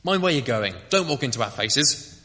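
A man voicing a surly male dwarf in a storybook reading, loud and scornful. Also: medium pitch, expressive, normal speed, in a large hall.

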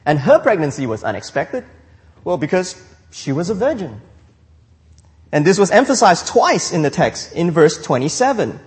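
A man preaching from the pulpit. His voice is fairly high and swings widely in pitch, and he restarts his phrases and asks rhetorical questions. The sound rings with the long reverb of a large church hall. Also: very animated, normal speed. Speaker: pastor. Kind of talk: sermon.

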